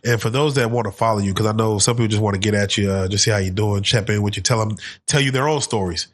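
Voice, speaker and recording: A man hosting a casual interview podcast, excitable and quick to cut in with "wait, hold on.". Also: on the low side. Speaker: podcast host. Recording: roomy echo, distant from mic.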